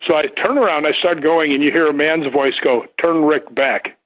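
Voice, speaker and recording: A man's voice: on the high side, brisk, fairly bright tone. An older man, a guest on a radio talk show, telling a long story in a rambling way with many restarts and repeated words. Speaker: guest, stunt performer. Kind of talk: casual radio interview storytelling. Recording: dull lo-fi radio sound.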